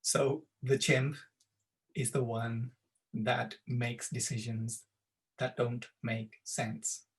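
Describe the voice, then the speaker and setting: A man's voice: medium pitch, level tone, very slow. A male tutor giving a conversational slide talk to parents, explaining with the odd filler. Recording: voice from a distance from the mic.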